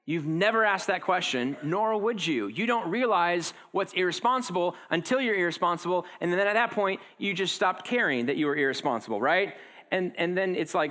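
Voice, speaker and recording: A man in his thirties preaching a conversational sermon, acting out quotes with lively shifts in tone. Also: a little high, fairly quick. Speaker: pastor.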